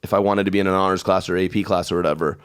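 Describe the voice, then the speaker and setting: A man's voice: deep voice, steady tone, racing, clean tone. A man co-hosting a podcast, telling a school story in a laid-back way and laughing easily. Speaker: podcast co-host. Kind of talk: casual chat.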